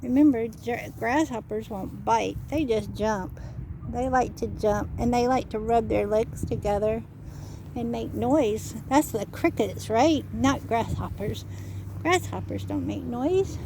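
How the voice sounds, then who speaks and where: A woman's voice: a little high, a little slow, vocal fry, noisy background. A woman leading children on an outdoor nature walk, speaking patiently like a teacher, asking them questions and spelling words out letter by letter. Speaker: children's educator.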